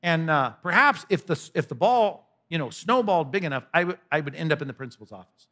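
Male pastor, conversational sermon delivery, animated and expressive, slightly high voice. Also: fast talker. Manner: conversational, animated, humorous asides.

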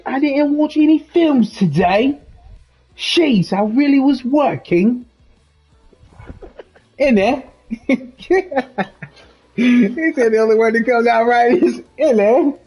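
Man, game streamer, husky voice, slow and lively, jokey banter, mellow tone, faint music behind. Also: extremely high pitch, low-quality recording. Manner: joking, laughing, mock English accent in bits. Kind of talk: casual banter with co-host and chat.

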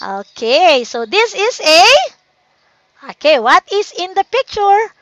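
A woman's voice: very high-pitched, very animated, no room sound, muffled recording. A middle-aged woman with a Filipino accent teaching an online class, patient and repetitive, mixing Tagalog into her English. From Philippines. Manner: slow and patient, many "okay"s, mixes Tagalog and English.

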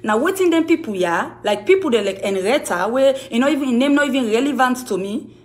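Her voice sits high and animated, running a little fast. A music manager with a Sierra Leonean Krio accent, she fires back at accusations to camera in a heated rebuttal, accusing, emphatic and repetitive.

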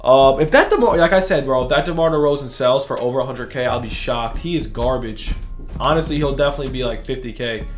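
A young man doing casual, excitable commentary for a gaming video, slangy and hyped, jumping between shouting and muttering. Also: mid-range voice, fast talker, echoey room, soft background music. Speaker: gaming YouTuber. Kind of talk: casual pack-opening commentary.

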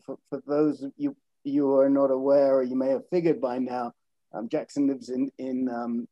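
A man hosting a video call interview, speaking haltingly with stuttered repeats. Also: medium pitch, level tone, dry recording, highs cut off. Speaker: host.

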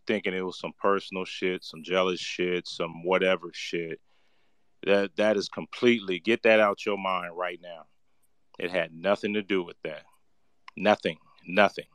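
A man's voice: on the low side, fairly bright tone, dry recording. A man from Oakland, California, giving a heated, profane callout to a candidate on a livestream panel. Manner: angry, profane, ranting. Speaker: panel speaker addressing a candidate.

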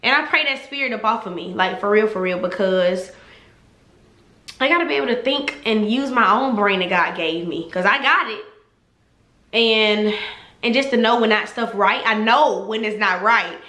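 A young adult woman telling an animated, sassy storytime to her viewers in a casual vlog. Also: medium pitch, moderate pace. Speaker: vlogger. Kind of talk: casual storytime chat to camera. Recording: echoey room.

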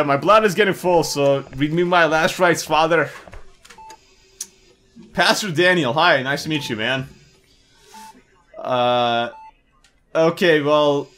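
A man's voice: on the high side, a bit bright. A young man commentating a video game playthrough in a goofy, jokey way, swearing and laughing. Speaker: gaming video host. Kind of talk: let's play commentary.

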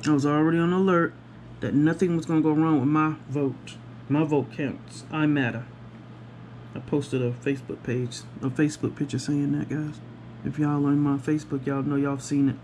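A woman chatting to viewers about her day while she works on a craft project, animated and talking straight to the camera. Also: normal speed, a little hiss or hum. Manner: acts out other people's voices with big pitch jumps. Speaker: craft vlogger. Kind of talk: casual storytelling while crafting.

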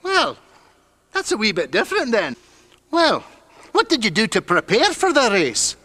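A folksy old hermit with a put-on Scottish lilt. The voice is very high and bright and swoops wildly up and down. His manner is chiding but kind. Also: wildly swooping pitch, normal speed, exaggerated voice. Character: kindly old male hermit racing trainer.

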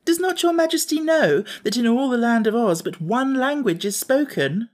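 A man's voice: high voice, sing-song, moderate pace, a little mellow, pitched above the performer's own voice. A man voicing a mischievous young palace maid who teases the king, in a storybook audiobook. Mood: teasing. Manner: teasing, cheeky. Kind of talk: audiobook character voice.

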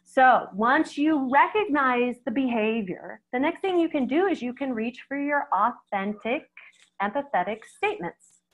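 A middle-aged woman with a slightly high voice gives a conversational webinar talk as a veterinarian. She speaks straight to her listeners in a lively way and often acts out other people's reactions. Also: measured pace, lo-fi sound. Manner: lively, acts out quoted reactions, addresses audience directly.

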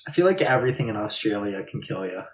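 A man's voice: fairly low pitch, expressive, fast talker. A man streaming live, rambling in a laid-back, jokey way while chatting and reading viewer comments. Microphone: distant from the mic. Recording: echoey room, distant mic.

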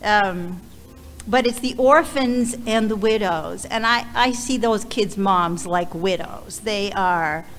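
Woman giving a church talk, earnest and emotional, lots of pauses and restarts, slow and unhurried. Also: medium pitch, a bit bright. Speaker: visiting ministry leader. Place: church sanctuary. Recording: reverberant hall, faint background ambience.

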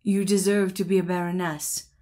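A woman voicing a vain, boastful male shirt collar in a storybook, speaking with pompous, gushing flattery. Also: lowish voice, normal speed, natural voice.

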